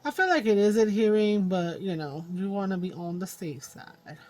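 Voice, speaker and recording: A woman hosts a casual crafting vlog from her home craft table, rambling to herself as she works with her hands. Her voice is medium-pitched and a little mellow, with lively intonation and a normal speed.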